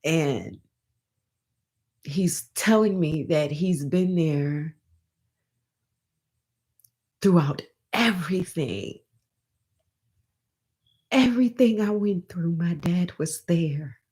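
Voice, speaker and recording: A woman's voice: lowish voice, extremely slow, pauses often, darkish tone. A woman vlogger telling a personal story in a rambling, emotional way, often restarting and calling her viewers y'all.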